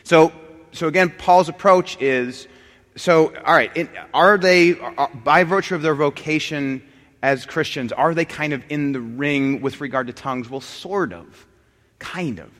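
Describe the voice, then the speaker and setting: A man's voice: on the high side, unhurried, a bit bright. Man lecturing in a reverberant hall. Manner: conversational, restarts sentences, jokes with class. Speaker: Bible teacher. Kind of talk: lecture on scripture and church history.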